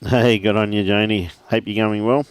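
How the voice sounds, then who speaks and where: A man's voice: lowish voice, fairly even intonation, moderate pace, clean tone, dry recording. A middle-aged man with an Australian accent, commentating a lawn bowls livestream in a chatty, matey way and greeting viewers by name. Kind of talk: relaxed live commentary with viewer shout-outs.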